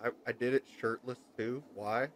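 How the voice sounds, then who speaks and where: A man's voice: mid-range voice, steady tone, moderate pace, slight background noise. A young man doing casual reaction commentary on his old videos, joking and mocking himself in loose, cussing talk. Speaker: content creator.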